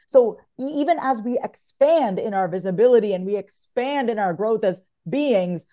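A woman's voice: a little high, expressive, normal speed, few pauses, warm tone. A woman talking candidly and emotionally as an author guest in an interview. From United States. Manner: candid and emotional, swings from tearful to laughing.

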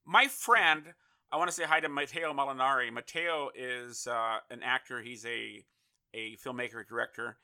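Bright-voiced male interview host. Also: medium pitch, moderate pace. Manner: rambling, repeats words while thinking. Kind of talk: casual interview chat.

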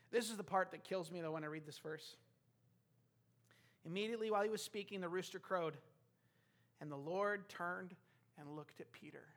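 A man's voice: high voice, fairly quick, pauses often, fairly bright tone. A man preaching a sermon, retelling a scripture story and acting out the characters' lines.

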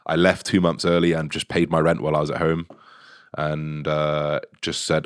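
A young man with a deep, low-pitched voice talks in a relaxed, animated way, full of swearing and quick laughs. His voice is recorded close and dry, with no room sound. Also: dry recording. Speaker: online fitness coach, guest. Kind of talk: casual podcast storytelling.

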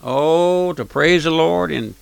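A man's voice: on the high side, slow pace, vocal fry, smooth, no room sound. A man preaching a fervent radio sermon, often repeating phrases and calling the listener "my friend". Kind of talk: fire-and-brimstone radio sermon.

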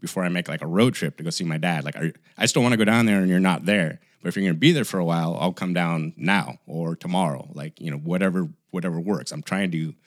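A man's voice: deep voice, fast, few pauses, no echo, clean studio sound. A man co-hosting a podcast, telling a long story in casual chat and acting out the voices of the people in it. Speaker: podcast co-host.

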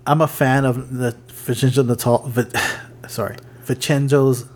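Male podcast co-host, mid-pitched, loose and rambling, stumbles and restarts while reading notes. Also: steady tone, a little slow. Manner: rambling, many fillers and restarts, reads notes aloud. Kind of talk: casual chat.

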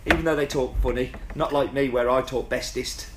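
A man's voice: mid-range voice, fairly even intonation, brisk, noisy background. A man co-hosting a casual podcast chat, playful and mock-boastful in his jokes. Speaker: podcast co-host. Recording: echoey room.

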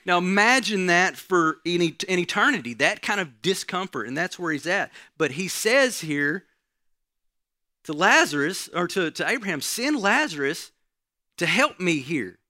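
A man's voice: high-pitched, animated, moderate pace, bright, forceful tone, no room sound, studio quality. A man preaching a conversational sermon, often checking in with the listeners by asking "right?". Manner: conversational teaching, frequent "right?" asides.

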